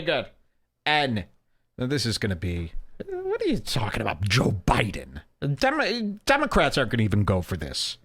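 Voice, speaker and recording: A man with a medium-pitched, fairly bright voice hosts an internet radio show, nursing a headache as he rambles. His commentary is irreverent, full of mocking jabs and scolding rants.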